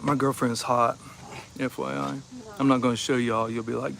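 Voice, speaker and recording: An easygoing man from Ohio chats with viewers on a livestream while he sits outside at his table. His voice sits at an ordinary middle pitch, his manner relaxed and joking, with a soft chuckle never far off. A faint hush of outdoor noise runs under the recording. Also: normal speed, creaky. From Ohio, USA. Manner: laid-back, chuckling often, easygoing and joking. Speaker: livestream host. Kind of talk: casual livestream chat. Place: outdoors behind the house, with insects.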